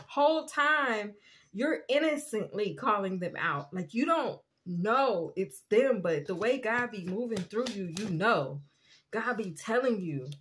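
A woman giving a casual spiritual tarot reading, chatty and quick to laugh, often asking "you know what I'm saying". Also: medium pitch, animated, a bit bright. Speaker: tarot reader.

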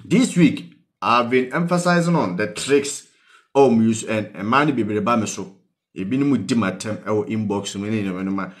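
A man's voice: on the low side, moderate pace. Earnest Ghanaian man hosting a talk show. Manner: keeps prodding viewers with "What you say?", mixing Twi and English; earnest, pleading, advice-giving tone. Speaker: host. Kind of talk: live call-in talk show.

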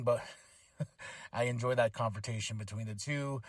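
A man hosting a solo podcast, recapping a wrestling show in a casual, excitable way and acting out quotes with lots of fillers. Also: medium pitch, normal speed, long pauses, no room sound, studio quality. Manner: excitable, chatty, acts out quotes. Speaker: podcast host.

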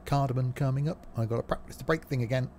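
A man chats loosely while he streams a train game, joking at himself and filling gaps with "uh". His voice sits at an everyday middle pitch. Loud engine and track sounds from the game run clearly under everything he says. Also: fast talker, a little hiss or hum. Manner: rambling, jokey, many "uh" fillers. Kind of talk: live gameplay commentary.

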